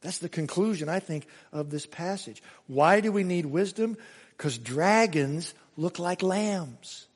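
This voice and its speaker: A male pastor preaching a sermon, emphatic, swinging between raised exclamations and hushed asides. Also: sits high, animated, a little slow, husky, long reverb tail. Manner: emphatic preaching with sudden rises and hushed drops.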